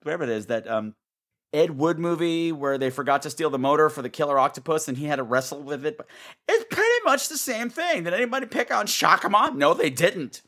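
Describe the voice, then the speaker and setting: Excitable sarcastic man with a bright voice. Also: on the high side, fast. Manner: excitable, sarcastic, swearing, acts out scenes in squealing voices. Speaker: podcast host. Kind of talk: ranting movie review. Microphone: home mic turned up high.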